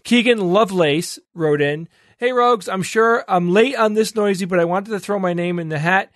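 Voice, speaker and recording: A man's voice: high voice, moderate pace, dry recording, studio quality. A man co-hosting a podcast, casually reading out listener emails with playful, laughing asides. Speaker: podcast co-host presenting a listener segment.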